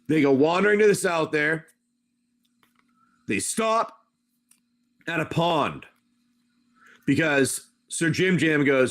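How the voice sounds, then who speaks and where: A man's voice: a little high, lively intonation, a little slow, long pauses. Chatty man ripping card packs. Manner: chatty, rambling, lists card names. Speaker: livestream seller opening card packs. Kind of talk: casual card-pack opening and storytelling.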